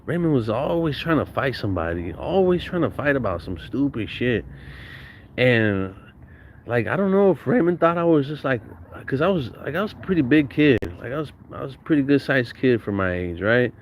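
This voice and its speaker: A man's voice: mid-range voice, big pitch swings, normal speed, slight background noise. Slangy, profane man telling stories. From Southern California. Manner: slangy, profane, laughs often. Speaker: podcast guest storyteller. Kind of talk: casual storytelling.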